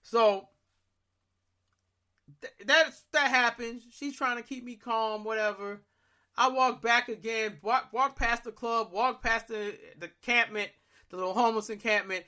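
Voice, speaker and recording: A young man on a podcast, telling a story in casual, profane chat that swings into loud, exasperated outbursts. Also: extremely high pitch, steady tone, unhurried. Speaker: podcast co-host.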